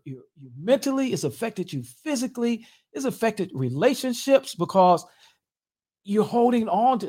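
A man, a pastor, speaking as a guest about forgiveness in a measured, preacherly way, often breaking into laughter. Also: high-pitched, mellow. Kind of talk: conversational teaching.

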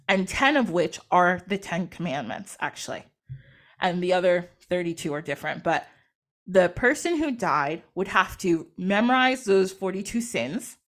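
A young woman hosting a podcast, casually retelling a myth in slangy modern quotes and laughing often. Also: lowish voice. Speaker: podcast host. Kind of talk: casual storytelling.

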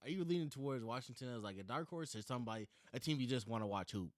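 A young man co-hosting a casual sports chat, relaxed, asking questions and steering the talk. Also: medium pitch, fast talker, no room sound, studio quality. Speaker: podcast co-host.

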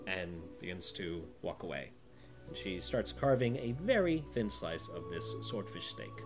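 A man running a tabletop game, relaxed and loose with his fillers. His pitch moves in a lively way as he narrates, with music playing behind. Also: a little slow. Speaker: game master. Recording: background music.

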